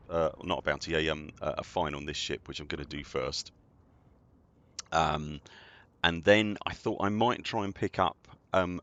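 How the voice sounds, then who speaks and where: This British gamer's voice sits low and is a bit bright as he rambles through casual live-stream chatter, saying hello to viewers by name. The audio has a dull, dry, lo-fi quality.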